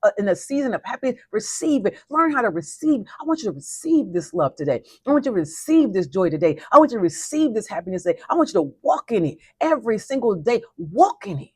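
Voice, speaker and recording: A woman's voice: fairly high pitch, very animated, fast, hardly any pauses, a little mellow, slightly rough, dry recording. A woman hosting a weekly motivational talk, speaking emphatically and repeating her declarations in a folksy, spirited way. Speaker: host.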